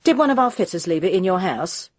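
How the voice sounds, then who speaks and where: A young female clerk whose answers sit just on the side of insolence, acted by a woman reader. Her voice is husky and dry. She brushes each question off. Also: on the low side, expressive, fast talker, dry recording. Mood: insolent. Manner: offhand, near insolent.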